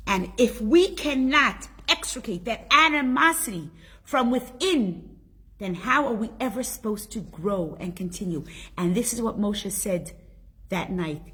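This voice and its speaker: A woman's voice: mid-range voice, lively intonation, measured pace, a bit bright, husky. A middle-aged woman teaching a Torah class, telling stories emphatically and asking the listeners rhetorical questions. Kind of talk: spoken Torah lesson.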